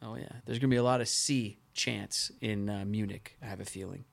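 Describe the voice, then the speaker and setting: A man in his thirties hosting a casual sports podcast, telling stories in a lively, playful way. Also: fairly low pitch, a little fast, vocal fry. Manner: animated, playful storytelling. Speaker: podcast host.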